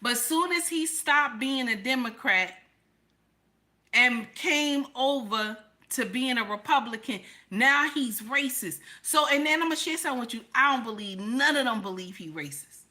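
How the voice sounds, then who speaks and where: A woman's voice: high voice, animated, moderate pace, bright, forceful tone. A woman hosting a live stream, giving emphatic opinionated commentary. She repeats her points, asks rhetorical questions and calls her viewers baby and honey.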